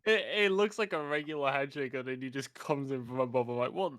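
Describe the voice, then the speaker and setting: A man's voice: mid-range voice, fairly even intonation, fast talker, fairly bright tone, no room sound. A man chatting and joking as a player in a tabletop game. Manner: joking, laughing. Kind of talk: casual chat.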